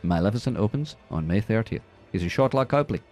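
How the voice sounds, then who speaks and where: A man hosting a radio movie show, reading the news with sarcastic, deadpan jokes. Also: fairly low pitch, brisk, soft background music. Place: radio studio.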